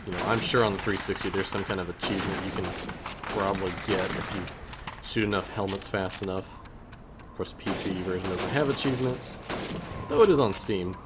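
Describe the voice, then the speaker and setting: A man's voice: deep voice, fairly quick, heavy background noise. A young man casually commenting on a game he plays, rambling with joking asides. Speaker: let's play host.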